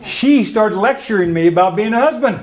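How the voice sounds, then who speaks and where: A man's voice: high-pitched, lively intonation, a little fast. A man speaking off the cuff at a memorial, rambling and correcting himself as memories come. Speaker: religious group leader.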